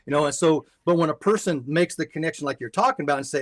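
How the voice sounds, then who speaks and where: A man's voice: on the high side, fast talker, no echo. An older man, a guest on a faith podcast, telling a story and giving advice in an earnest way, often repeating words as he restarts.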